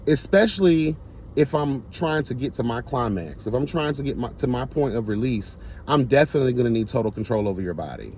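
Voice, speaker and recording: A man's voice: mid-range voice, animated, brisk, darkish tone, slight background noise. A man telling a casual storytime monologue to his viewers, blunt, profane and emphatic. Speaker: storyteller vlogger.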